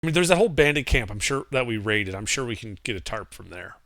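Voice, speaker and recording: A man's voice: fairly low pitch, expressive, quick pace, fairly bright tone, dry recording, clean studio sound. A man playing a tabletop game, teasing dryly and swearing casually as he banters in character. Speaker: player.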